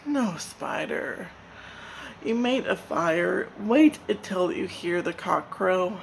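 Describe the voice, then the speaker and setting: A woman voicing a wise old male crow who scolds in a firm, measured way. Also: lowish voice, animated, vocal fry, slight background noise, heavily acted, poor audio. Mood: stern.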